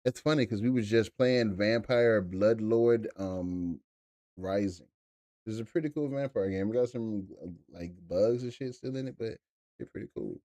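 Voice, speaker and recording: A man's voice: lowish voice, moderate pace, mellow, dry recording. A young man live-streaming, chatting loosely with his chat, swearing and laughing often. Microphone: desk mic.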